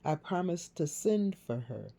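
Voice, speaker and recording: A woman's voice: on the low side, sing-song, measured pace, vocal fry, mellow, full character voice. A woman voicing an anxious young adult daughter who speaks in an earnest, pleading way. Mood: worried.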